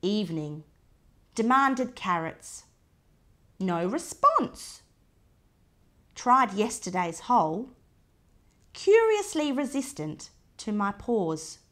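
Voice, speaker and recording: A woman reads a children's picture book aloud, taking her time over each short entry. Her voice rises and falls with plenty of movement, and she breaks off now and then to point things out softly to the listening child. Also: medium pitch, big pitch swings. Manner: slow, clipped diary entries with soft asides to the child.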